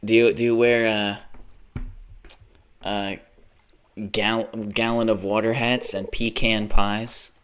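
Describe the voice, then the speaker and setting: A young man with an American accent chats loosely on a live stream in a slightly low voice. He rambles and jokes, laughs often, and keeps slipping into silly voices. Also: flat delivery, takes it slowly, pauses often, a bit bright, clear, resonant tone. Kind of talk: casual live-stream chat.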